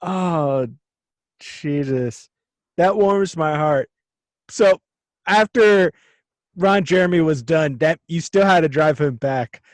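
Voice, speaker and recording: A man's voice: on the high side, slow pace, pauses often, no room sound. A man co-hosting a podcast in casual chat, teasing his guest and laughing easily. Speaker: podcast co-host.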